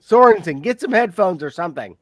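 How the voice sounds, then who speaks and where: Man co-host, blunt and profane, fairly high voice, dry close sound. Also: expressive, fairly quick, a bit bright, dry recording. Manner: blunt, swears freely, laughs often. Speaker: podcast co-host. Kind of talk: casual banter.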